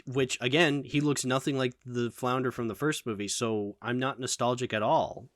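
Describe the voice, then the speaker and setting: A man's voice: mid-range voice, moderate pace, no room sound, studio quality. A man hosting a casual film discussion, opinionated and full of fillers. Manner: animated, opinionated, lots of fillers. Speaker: channel host.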